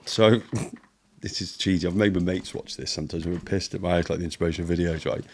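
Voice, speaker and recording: A low-pitched man from Britain talks casually as a podcast guest. He tells long stories, swears freely and slips into the voices of the people in them. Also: fairly even intonation, fast talker, a little mellow. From United Kingdom. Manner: swears often, storytelling, acts out quotes. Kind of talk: casual chat.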